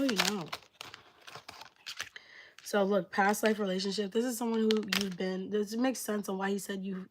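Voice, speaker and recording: A woman's voice: medium pitch, noisy background. A woman giving a casual live tarot reading, talking loosely with lots of fillers. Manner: chatty, many fillers, acts out quotes. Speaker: tarot reader.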